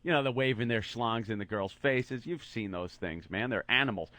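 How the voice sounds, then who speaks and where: On a studio microphone, a man co-hosting a radio show tells a crude story in casual chat, animated and acting out the quotes. His voice is mid-range, his speed normal, with no echo.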